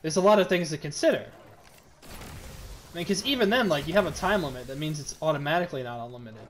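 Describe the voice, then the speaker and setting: A man's voice: a little high, animated, fast talker, slight background noise. A man riffing in casual comedic banter, rambling and profane, spinning absurd hypotheticals.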